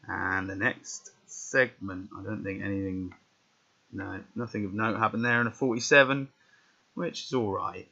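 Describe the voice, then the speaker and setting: A man's voice: fairly low pitch, fairly even intonation, moderate pace, creaky, bright, forceful tone, slightly rough. A man casually commentating a wrestling management game, reading out results with rambling muttered asides. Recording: dull lo-fi recording.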